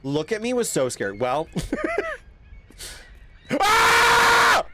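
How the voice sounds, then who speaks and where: A young man streaming a horror game, swearing, yelping and laughing loudly whenever something startles him. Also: on the high side, sing-song, moderate pace, background noise. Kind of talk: live horror game playthrough.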